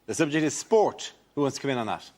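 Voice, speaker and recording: A man hosting a panel show, briskly thanking comics and announcing topics. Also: mid-range voice, very animated. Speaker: host. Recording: studio with loud audience noise.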